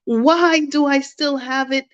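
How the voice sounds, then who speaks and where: Slow, reflective woman on a dull recording. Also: sits high, steady tone, fairly bright tone. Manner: candid, reflective, repeats phrases for emphasis. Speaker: vlogger. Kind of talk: personal storytelling to camera.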